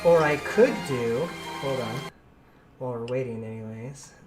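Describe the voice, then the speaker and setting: A man's voice: medium pitch, a little slow, loud music behind the voice. Laid-back podcast host man, laughing a lot. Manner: laughs often, loose and chatty. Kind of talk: casual chat.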